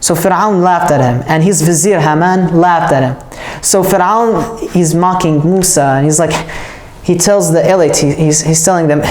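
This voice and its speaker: A woman's voice: lowish voice, moderate pace, a little mellow. A woman telling a religious story as a casual lesson, chatty and often checking in with her listeners. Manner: chatty, checks in with "all right?". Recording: roomy echo.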